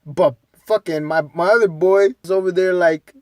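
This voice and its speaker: A man's voice: high voice, moderate pace, a little mellow. A young man co-hosting a podcast, rambling through a story in casual, profane talk. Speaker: podcast co-host.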